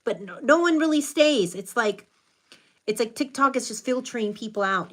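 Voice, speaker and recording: A middle-aged woman from the United States, speaking American English with a Hispanic Latin accent, hosts a live stream. Her voice is a little high and a bit bright, at a normal speed. She greets viewers by name and offers earnest, reflective spiritual advice.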